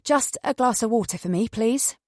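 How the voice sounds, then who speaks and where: A woman's voice: a little high, normal speed, dry recording, close to an everyday voice. A woman voicing a cautious young woman new to the card game, asking dry questions. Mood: wary. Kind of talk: audiobook character voice.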